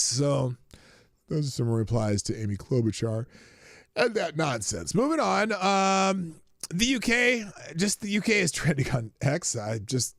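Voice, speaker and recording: A man's voice: fairly high pitch, dry recording, clean studio sound. A man hosting a casual livestream, talking with sarcasm and exasperation, reading out viewer comments and reacting to clips. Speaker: livestream host.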